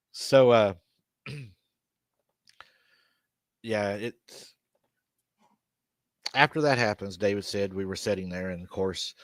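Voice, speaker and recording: A man's voice: lowish voice, animated, extremely slow, long pauses, dry recording. Laughing man retelling a story. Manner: retells a story with quoted dialogue, laughs often. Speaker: podcast host. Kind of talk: casual storytelling on a live stream.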